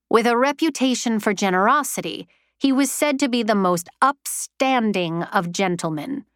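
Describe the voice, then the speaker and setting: A woman narrating a story in a measured, unhurried storytelling manner. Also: mid-range voice, clean tone, no room sound, studio quality. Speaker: audiobook narrator. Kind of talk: scripted narration.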